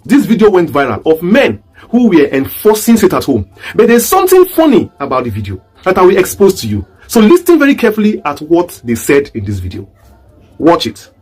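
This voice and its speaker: A man's voice: high voice, wildly swooping pitch, a little fast, darkish tone, breathy edge, soft background music. A man from southeast Nigeria with a Nigerian accent, giving an online commentary monologue full of rhetorical, repeated questions. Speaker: political commentator.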